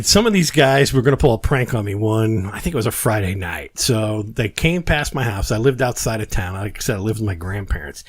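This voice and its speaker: A man hosting a podcast who tells stories in a casual, animated way and acts out the quotes. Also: fairly low pitch, dry recording. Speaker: podcast host. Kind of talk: casual storytelling chat.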